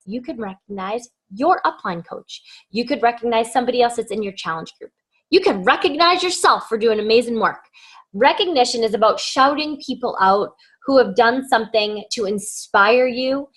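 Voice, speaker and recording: An energetic woman coach talks straight to her viewers in a casual, motivational way. Her voice sits a little high, and she leans hard on words and repeats them for stress. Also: normal speed, breathy edge.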